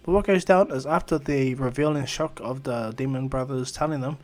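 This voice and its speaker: A man's voice: mid-range voice, moderate pace. A man improvising a fan story in a rambling, filler-heavy way.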